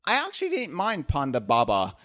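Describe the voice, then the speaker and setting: A man's voice: on the high side, wildly swooping pitch, fairly quick, a bit bright. A man in a casual podcast discussion, talkative and jokey, working his thoughts out as he speaks.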